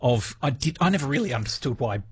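A man's voice: medium pitch, lively intonation, fast talker, darkish tone, breathy edge. An Australian man in his fifties, a radio TV critic, chatting on air in a rambling, self-deprecating way with many restarts. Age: 50s. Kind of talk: casual radio chat.

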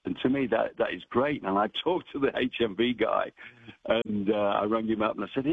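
A man's voice: fairly low pitch, a little fast, creaky, slightly rough, dry recording. A man working as a town crier, chatting animatedly in a radio phone interview. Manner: chatty, animated, bursts into bellowed cries. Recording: dry tinny phone line.

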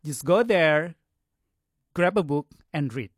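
A man, a guest on a radio show, telling his story in a relaxed way with lots of fillers. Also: fairly high pitch, takes it slowly, dry recording, studio quality. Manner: relaxed, hesitant, many fillers. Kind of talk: casual interview, personal account. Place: radio studio. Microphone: studio mic.

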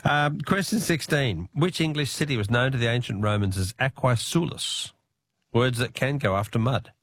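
A man's voice: medium pitch, animated, moderate pace, fairly bright tone, dry recording. A man with an Australian accent hosting a radio quiz, chatting casually and laughing easily with callers. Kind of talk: casual talkback radio chat.

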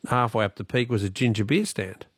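A man's voice: lowish voice, fairly quick, dry recording, studio quality. An Australian man hosting a talkback radio quiz, chatty and wry as he teases callers.

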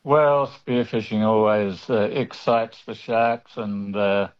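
A man calling a radio show, measured and friendly as he describes the weather. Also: fairly low pitch, muffled recording. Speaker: caller. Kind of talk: phone-in chat.

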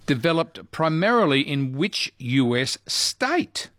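Male radio quiz host, animated and chatty, dry studio sound. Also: on the high side, takes it slowly, no room sound. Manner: chatty, upbeat, laughs easily. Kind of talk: casual radio quiz chat with callers.

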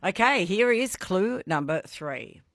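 A woman hosting a live radio quiz, bubbly and quick to laugh. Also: mid-range voice, lively intonation, fairly bright tone, slight background noise.

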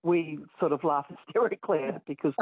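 Brief: woman caller, husky tone, tinny phone line, dry sound. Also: low voice, fast, no echo. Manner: giggly, casual. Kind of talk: phone-in chat.

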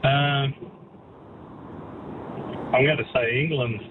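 A man's voice: mid-range voice, fairly even intonation, slow, noisy background. Man on a tinny phone line. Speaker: caller.

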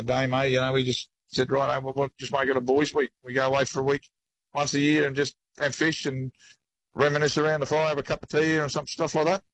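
Relaxed Australian male angler, folksy and chatty, faint line noise behind. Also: mid-range voice, low-quality recording. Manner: relaxed, folksy, keeps saying mate. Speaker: angler guest. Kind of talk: casual interview chat.

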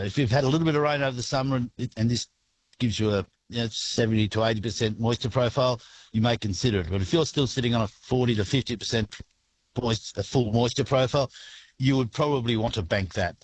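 A man with an Australian accent, a grain farmer answering a radio interview in a relaxed, halting way with many restarts. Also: medium pitch, poor audio.

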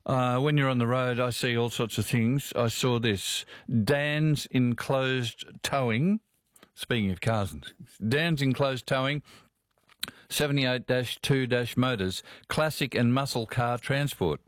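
A man's voice: mid-range voice, unhurried, no room sound, studio quality. A man with an Australian accent, hosting talkback radio in a folksy, chatty way. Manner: chatty, folksy, reads listener messages aloud. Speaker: radio talk show host. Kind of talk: casual talkback radio chat.

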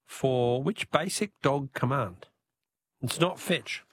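A man's voice: medium pitch, slow, slightly rough. An Australian man hosting a radio talkback quiz in a chatty, jokey way, chuckling at himself between callers.

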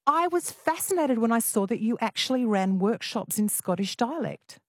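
A woman's voice: fairly high pitch, lively intonation, moderate pace, dry recording, clean studio sound. A woman hosting talkback radio, chatty and teasing as she invites callers and introduces a guest. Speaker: radio host. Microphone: studio microphone.

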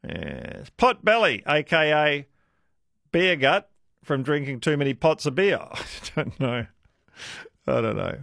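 A man with an Australian accent hosting a talkback radio show, chatty and quick to laugh. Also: a little high, vocal fry, no echo, clean studio sound. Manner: chatty, laughs easily, lively. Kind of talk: casual talkback radio chat.

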